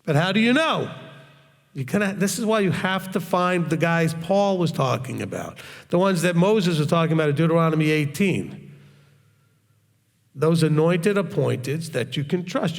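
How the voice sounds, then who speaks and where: A man's voice: on the high side, creaky. A man teaching in a Q&A session, talking in a hard, straightforward and blunt way. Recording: long reverb, echoey hall.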